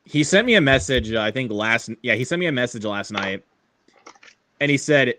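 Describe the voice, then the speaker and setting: A man's voice: medium pitch, animated, normal speed, bright, forceful tone, no room sound. A young man hosting a casual online hangout, laughing often and restarting his sentences. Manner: laid-back, laughs often, stumbles and restarts. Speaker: stream host. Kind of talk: casual chat. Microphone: online call.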